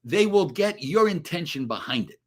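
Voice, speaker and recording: An older man, an actor guest, telling animated, profane stories and acting out the quotes in casual chat. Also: on the high side, moderate pace. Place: radio studio or remote call.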